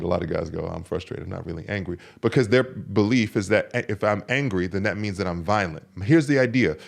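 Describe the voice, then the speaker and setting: A man hosting a podcast, coaching other men in an emphatic, repetitive monologue. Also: fairly high pitch. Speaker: men's coach and podcast host.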